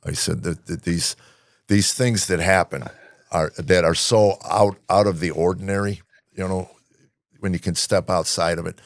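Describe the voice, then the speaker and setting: A man hosting a podcast in casual chat, halting, with many fillers and restarts. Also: deep voice, fairly even intonation, no room sound, clean studio sound. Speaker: podcast host.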